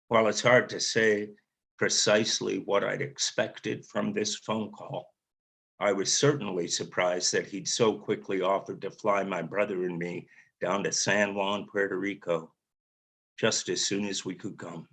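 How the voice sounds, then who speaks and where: Author reading his own memoir, unhurried, reflective narration. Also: on the low side, steady tone, gravelly, fairly bright tone, slightly rough. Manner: measured, reflective storytelling.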